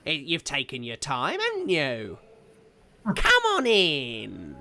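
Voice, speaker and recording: A man voicing an old, decrepit hag who taunts the heroes in a loud, raised voice. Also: low voice, huge pitch swings, takes it slowly, heavily acted. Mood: taunting.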